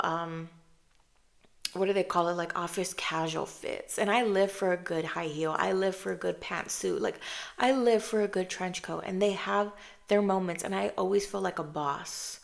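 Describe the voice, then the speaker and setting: A woman in her thirties hosting a casual podcast chat, telling stories with lots of filler and calling the listener babe and girl, sometimes dropping into a hushed voice for quotes. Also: fairly low pitch, normal speed, creaky. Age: 30s. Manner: chatty, animated storytelling, calls listener babe and girl. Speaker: podcast host.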